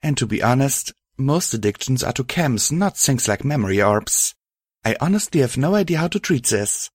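A man reading aloud and voicing a gentle, loving female pony who speaks softly and reassuringly. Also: mid-range voice, animated, normal speed, no echo, studio quality, pitched above the performer's own voice, lightly acted. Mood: tender. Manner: soft, reassuring.

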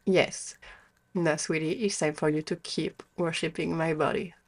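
A young woman with a somewhat low voice performs an adult audio role-play as the listener's girlfriend. She speaks unhurriedly and softly, in a doting, affectionate way. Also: steady tone, unhurried.

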